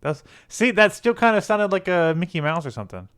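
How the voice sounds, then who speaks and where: A man's voice: high voice, big pitch swings, brisk, a bit bright, smooth. A young man co-hosting a casual gaming podcast, joking and laughing as he rambles. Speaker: podcast co-host.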